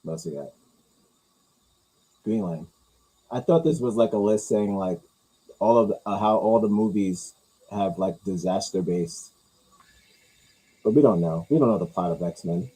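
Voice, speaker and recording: A man hosting a casual talk, rambling through movie news with crude jokes and mumbled low asides. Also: a little slow, pauses often, mellow, breathy edge, low-quality recording. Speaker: host reacting to movie news. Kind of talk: casual chat.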